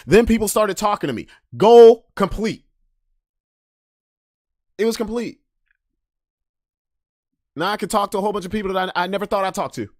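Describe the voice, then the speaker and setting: Guy ranting on his podcast, voice jumps all over the place, loud then mumbly, real dry mic. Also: moderate pace, long pauses, no echo. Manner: animated, ranting, swings between loud emphasis and low mutters. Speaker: podcast host. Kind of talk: casual monologue rant.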